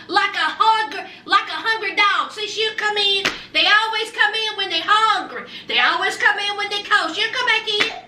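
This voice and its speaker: A woman's voice: very high-pitched, pushed and bright, roomy sound, far from the mic, a little hiss or hum. A woman in her forties giving a sassy, emphatic recap of a reality show, repeating lines for effect. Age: 40s. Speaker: TV show reviewer.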